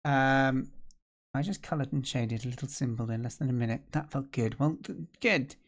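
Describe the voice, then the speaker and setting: A man's voice: medium pitch, moderate pace. A man hosting a live stream and chatting casually as he works through a tutorial, thinking aloud and joking at his own expense. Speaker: livestream host learning game development. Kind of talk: casual live-stream chat while working.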